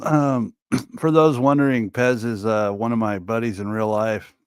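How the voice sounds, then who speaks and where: A man's voice: on the low side, fairly even intonation, unhurried, clean tone, no echo. Man, channel host, casual commentary, laid-back, cussing, dry close sound. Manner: laid-back, swears freely.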